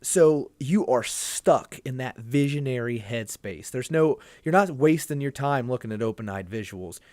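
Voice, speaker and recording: In a casual podcast conversation, a male guest shares a lengthy personal story, earnest and meandering, frequently starting his sentences over. His mid-range voice has a darkish tone and an animated quality, and he moves at a moderate pace with no audible room sound.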